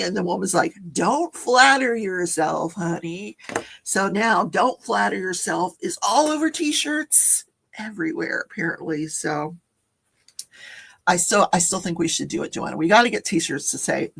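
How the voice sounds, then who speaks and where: Chatty livestream host, woman, mid pitch with vocal fry, laughs a lot. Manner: chatty, laughs often, greets viewers in the chat. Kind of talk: casual true-crime livestream chat.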